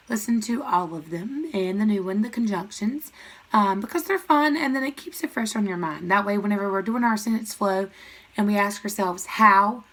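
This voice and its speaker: A woman's voice: fairly high pitch, a bit bright. A young woman teaching first graders in a recorded video lesson, drilling grammar terms in a sing-song, call-and-response way.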